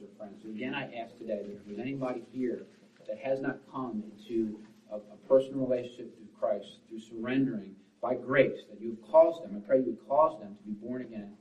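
A man preaching a sermon as pastor, swinging between forceful, loud lines and hushed, quiet ones. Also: fairly low pitch. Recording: roomy, distant, dull sound.

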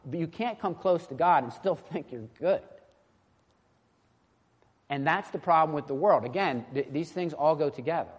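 A man's voice: fairly high pitch, normal speed, long pauses, slightly rough, lo-fi sound. A young man preaching a sermon in an earnest, impassioned way, often restarting his sentences. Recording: long hall reverb.

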